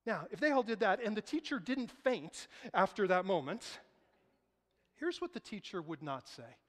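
High-voiced pastor preaching in a hall. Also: male voice, normal speed. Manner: animated storytelling, voices quoted people. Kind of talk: sermon. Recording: reverberant hall.

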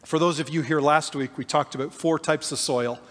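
A man, a pastor, delivering an earnest, animated sermon in a church. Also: a little high, moderate pace. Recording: long hall reverb.

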